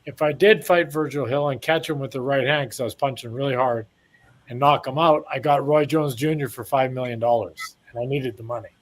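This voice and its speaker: A Canadian man in his sixties, once a boxer, spins long, wandering stories in a relaxed interview. His mid-range voice keeps a fairly even intonation at a brisk clip, and he acts out the lines he quotes as the anecdotes ramble on.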